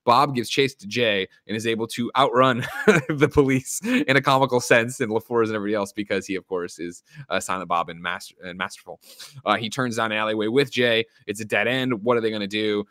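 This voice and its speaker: A man's voice: lowish voice, brisk, fairly bright tone, no room sound, clean studio sound. A man co-hosting a podcast, retelling a movie scene by scene in casual chat and acting out the lines. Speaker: podcast co-host recapping a movie.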